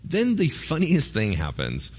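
Male pastor, lively storytelling sermon delivery, wide pitch swings. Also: a little slow, husky. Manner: animated storyteller, acts out characters with big pitch swings.

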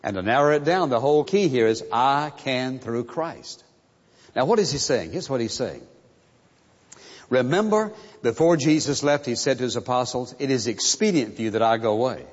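A man preaching a sermon, slow and emphatic, repeating key phrases for stress. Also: mid-range voice, lively intonation. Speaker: pastor. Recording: muffled sound in a reverberant hall.

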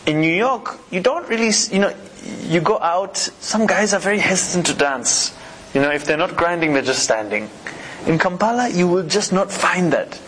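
A man's voice: high voice, lively intonation, moderate pace, fairly bright tone, a little hiss or hum. Easygoing man from Uganda. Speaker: interview guest. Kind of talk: relaxed conversational storytelling.

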